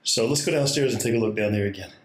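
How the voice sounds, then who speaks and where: Talking very fast in a lowish voice, a pastor with a Hawaii accent records a casual tour of his small church indoors on a laptop held while walking. He's chatty, slightly breathless, and laughs frequently.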